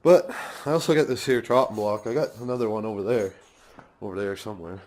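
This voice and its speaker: A man's voice: fairly low pitch, expressive, quick pace, a little mellow, a little hiss or hum. Laid-back man rambling in his garage. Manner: swears casually, laughs often. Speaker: vlogger. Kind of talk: casual rambling vlog. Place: home garage. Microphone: phone camera held by hand.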